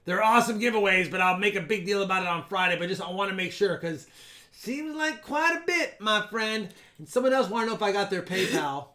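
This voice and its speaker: Bright, high-voiced playful male streamer. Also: fast talker, few pauses. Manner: playful and loud, counting down giveaways, joking with viewers. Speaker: live stream host running giveaways. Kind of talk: casual live stream chat.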